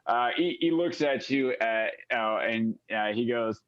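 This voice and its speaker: A man's voice: mid-range voice, unhurried, hardly any pauses, highs cut off. A man running a tabletop game as dungeon master, narrating loosely with many fillers. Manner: relaxed, filler-heavy narration.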